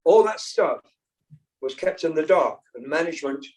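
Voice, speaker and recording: Older man from britain, rock singer interviewee, fairly high voice, rambling, lots of fillers and restarts. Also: expressive, moderate pace, darkish tone, recorded from a distance, poor audio. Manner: rambling, many fillers and restarts, laughs easily. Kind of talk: casual interview chat.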